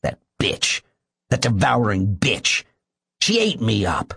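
A man reading the part of a bitter, bedridden man who seethes at his wife, speaking low and grim. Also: huge pitch swings, takes it slowly, vocal fry, fairly bright tone, slightly rough, no echo, clean studio sound, full character voice.

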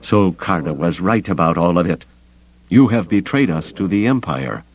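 A man voicing a gruff alien male warrior who speaks with a rumble. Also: lively intonation, normal speed, muffled recording. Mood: accusing.

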